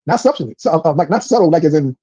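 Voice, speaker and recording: A man chiming in as co-host with quick, emphatic interjections on a dull lo-fi mic. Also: fairly high pitch, big pitch swings, warm tone, slightly rough, no echo.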